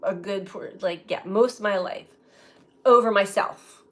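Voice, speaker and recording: A woman tarot reader reflecting aloud in a slow, musing way, often breaking into light laughter. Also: medium pitch, a bit bright. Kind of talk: spiritual reflection to camera.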